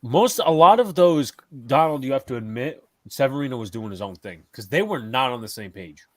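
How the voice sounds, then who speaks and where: A man's voice: medium pitch, expressive, a little fast, dry recording. A man co-hosting a live watch-along who rants sarcastically about the game and swears a lot. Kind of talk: heated casual fan chat. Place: home setup on a video call. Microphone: webcam setup on a video call.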